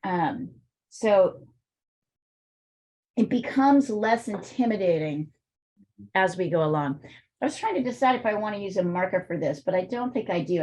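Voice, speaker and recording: A woman's voice: on the low side, a little mellow, slightly rough. A woman art teacher with a weak, strained voice, chatting and thinking aloud while she demonstrates drawing in a live online class, with plenty of fillers.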